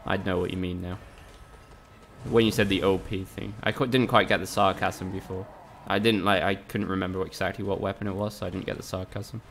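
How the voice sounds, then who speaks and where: A man's voice: deep voice, flat delivery, fairly quick, creaky, a bit bright, soft background music. A man casually commentating a live game stream, chatting with viewers, swearing often and joking sarcastically. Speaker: gaming streamer.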